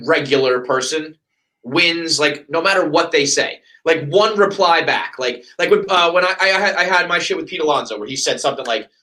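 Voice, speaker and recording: A man hosting a casual sports podcast, ranting with heavy profanity and lively quoted asides. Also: on the high side, poor audio. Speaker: podcast host.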